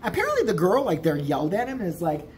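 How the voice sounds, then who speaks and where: A man's voice: high-pitched, wildly swooping pitch, fast talker, slight background noise. A man telling a rambling, profane story in a casual vlog. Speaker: vlogger.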